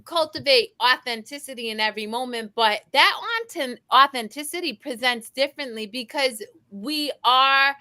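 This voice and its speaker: A woman hosts a casual talk show in a high, bright voice. She talks in an animated, playful way and keeps the chat moving. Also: normal speed, hardly any pauses. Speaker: host.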